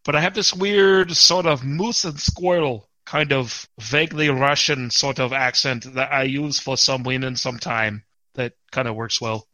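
A podcast host chats casually and is quick to poke fun at himself. His voice is bright and forward, medium in pitch with fairly even intonation, and the close mic makes it sound dry with no room echo.

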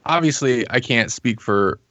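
A man's voice: mid-range voice, expressive, measured pace, a bit bright, dry recording. A man from the United States talking in a casual chat, hesitant and careful in his words. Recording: slightly muffled audio.

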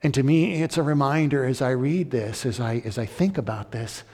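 Man, pastor preaching, earnest and conversational, mid pitch, long hall reverb. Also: normal speed, darkish tone. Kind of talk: sermon.

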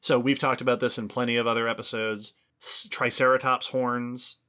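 A man co-hosts an educational podcast, explaining with lively enthusiasm. His voice is bright and forward. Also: mid-range voice, moderate pace. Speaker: podcast co-host. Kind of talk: educational casual chat.

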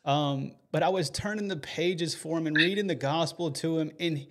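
A man's voice: a little high, moderate pace, a bit bright. A man hosting a faith podcast, telling a story earnestly and emotionally, with many fillers and restarts. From United States. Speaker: podcast host.

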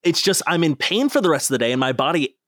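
A man's voice: on the high side, expressive, fast talker, a bit bright, no room sound. Brief: male podcast co-host, easygoing rambler, close and dry sound. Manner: rambling, laughs mid-sentence. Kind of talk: casual chat.

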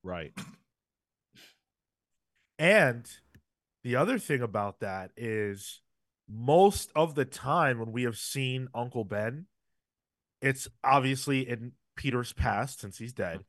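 A man's voice: mid-range voice, animated, slow, pauses often, fairly bright tone, no room sound, studio quality. A man hosting a casual comic book review show, retelling scenes with animation and little acted-out quotes. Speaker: podcast host.

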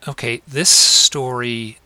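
A man's voice: mid-range voice, steady tone, sharp tone, dry recording. Earnest guy on a podcast telling stories, lots of ums, dry close sound. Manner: earnest, reflective, halting with many fillers. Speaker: podcast guest. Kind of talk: conversational storytelling. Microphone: home desk microphone.

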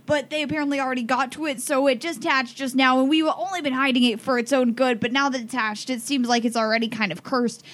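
A woman's voice: sits high, fairly even intonation, quick pace, few pauses, fairly bright tone. A woman playing in a tabletop game, explaining earnestly in long runs. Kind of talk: tabletop role-play.

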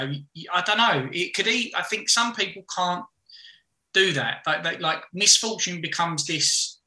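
A man tells stories in a loose, casual podcast chat, often stopping to restart his sentences. His voice sits a little high and sounds very bright. The room around him is echoey. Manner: frank, rambling storyteller with many restarts. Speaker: podcast guest.

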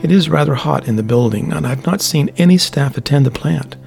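A man voicing a friendly, mild-mannered man who speaks gently and softly. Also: a little high, lively intonation, brisk, creaky, faint music behind. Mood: gentle.

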